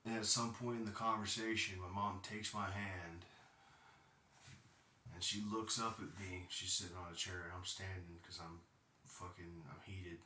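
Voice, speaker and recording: A man's voice: deep voice, level tone, moderate pace, sharp tone, a little hiss or hum. A man in his thirties telling a personal story as a podcast host, blunt and profane, and heated at times. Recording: roomy sound, distant from mic.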